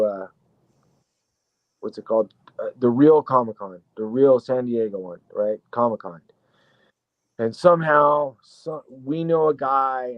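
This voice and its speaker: A man guest telling a rambling story in a casual, excitable way, swearing freely. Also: mid-range voice, dry recording, dull audio. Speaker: guest actor.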